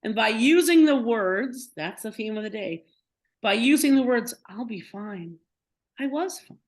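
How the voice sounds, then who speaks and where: A woman's voice: a little high, expressive, measured pace. A middle-aged woman, a podcast guest, retelling a personal story with feeling, acting out quoted dialogue and often restarting her sentences.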